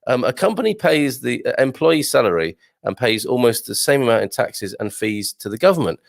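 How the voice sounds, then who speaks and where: A man's voice: mid-range voice, very animated, a little fast, gravelly. A man from Birmingham, England, hosting a casual news chat for expats and reading out viewer comments with wry, exclamatory asides. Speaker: host of an expat news show.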